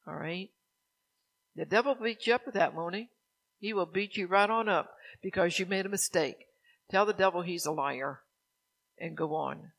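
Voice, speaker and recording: An older man delivers a sermon in a high, gravelly voice. He keeps it conversational and full of everyday stories. He turns to the congregation with questions as he goes. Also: moderate pace, long pauses, fairly bright tone. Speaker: preacher.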